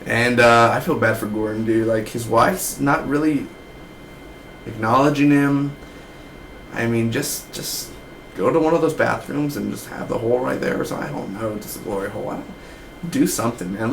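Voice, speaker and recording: A man's voice: medium pitch, normal speed, vocal fry, a little hiss or hum, poor audio. A man in his twenties giving a casual, rambling TV episode review, full of slang like "man" and "dude". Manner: slangy, loose, keeps saying man and dude. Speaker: TV show reviewer.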